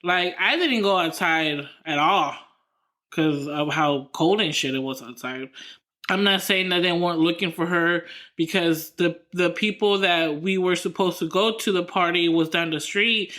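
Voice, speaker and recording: A woman's voice: on the low side, a little slow, a bit bright. A woman co-hosting a podcast in casual chat, rambling through her story with lots of fillers and restarts. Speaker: podcast co-host.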